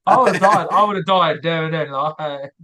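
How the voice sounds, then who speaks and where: A man's voice: on the high side, moderate pace, sharp tone. A man hosting a comedy podcast, chatting casually and cracking jokey interjections. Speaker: podcast host.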